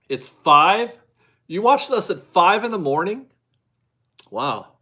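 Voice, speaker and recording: A man with a slightly high voice hosts a casual live stream and chats with viewers. He rambles, restarts his sentences and laughs easily. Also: pushed and bright, breathy edge. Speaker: livestream host reading viewer chat.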